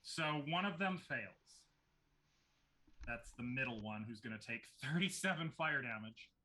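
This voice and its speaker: A man narrates as game master of a tabletop game, with a bright, clear tone at an ordinary pitch. He describes scenes at an easy pace and stops to explain the rules. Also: animated, measured pace, slight background noise.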